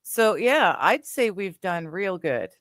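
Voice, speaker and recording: A woman's voice: mid-range voice, big pitch swings, slow pace, a bit bright, no room sound. A woman hosting a casual live stream chat, reading chat messages aloud and laughing easily. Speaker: stream host.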